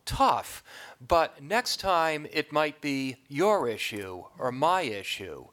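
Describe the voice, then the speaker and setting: Older man, panel speaker, measured delivery with frequent fillers. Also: medium pitch, a bit bright. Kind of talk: public panel discussion.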